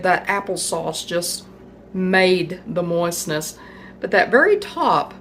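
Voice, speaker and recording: Slow-talking woman cooking at home. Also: medium pitch, slight background noise. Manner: chatty, folksy, tasting food on camera. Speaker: home cook vlogger. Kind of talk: casual cooking vlog.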